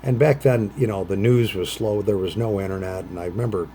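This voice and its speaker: A middle-aged man chatting casually while smoking a pipe; he rambles, trails off into low mutters, and jumps into bright, higher voices for quoted phrases. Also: a little fast, slight background noise. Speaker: vlogger.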